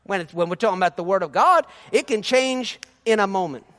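A male pastor with a very high voice preaches fervently. His delivery swells into shouted praise, and he repeats his key lines with emphasis. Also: expressive, a little fast. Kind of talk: sermon.

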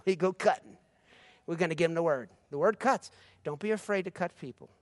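A man preaching a sermon as pastor, moving between easy conversational talk and loud, rising exhortation. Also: fairly high pitch, a little fast, dry recording.

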